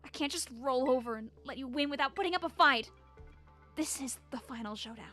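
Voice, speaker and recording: A woman voicing a shy young female gang boss from a game, reading her lines in a soft, subdued way. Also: high-pitched, fairly quick, soft background music. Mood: earnest.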